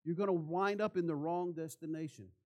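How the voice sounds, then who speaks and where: A man's voice: fairly high pitch, steady tone, fairly quick. A man preaching a sermon in church, asking the congregation rhetorical questions. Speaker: pastor.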